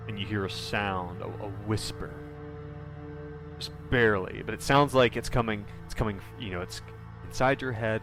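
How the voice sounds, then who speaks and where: A man narrating a tabletop horror game as game master, rambling with lots of fillers. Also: fairly low pitch.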